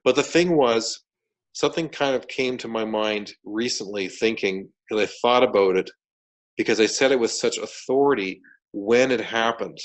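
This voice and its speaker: A man telling a story as an interview guest, animated and full of restarts and repeated words. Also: fairly low pitch, normal speed, rough recording. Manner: animated, repeats words and restarts sentences while retelling events.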